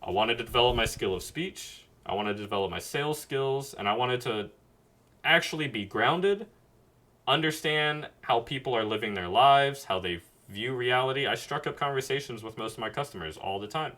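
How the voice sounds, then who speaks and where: A man's voice: mid-range voice, lively intonation, normal speed, pushed and bright. Earnest rambling male streamer. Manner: earnest, rambling, self-reflective. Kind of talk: casual livestream monologue. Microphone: webcam mic at a computer.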